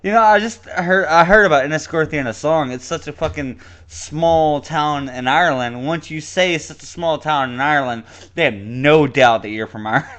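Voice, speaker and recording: A man's voice: fairly high pitch, normal speed, fairly bright tone. A young man co-hosting a podcast in casual chat, rambling and laughing often, with slightly slurred speech. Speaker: podcast co-host.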